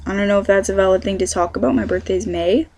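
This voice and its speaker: A woman's voice: medium pitch, fast talker, creaky, darkish tone, no echo. Teen girl from california rambling on her vlog, lots of ums and anyways, dry close sound. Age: teens. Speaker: vlogger. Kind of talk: casual Q&A vlog.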